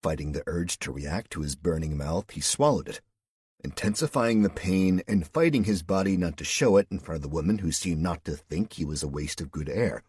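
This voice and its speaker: Deep, husky male audiobook narrator. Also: expressive, normal speed, a little mellow, no echo. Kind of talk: scripted narration.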